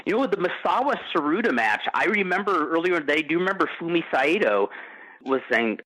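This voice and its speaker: Male storyteller, high-ish bright voice, very animated; laughs at his own tales. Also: fairly quick, low-quality recording. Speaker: podcast roundtable guest. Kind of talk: casual chat.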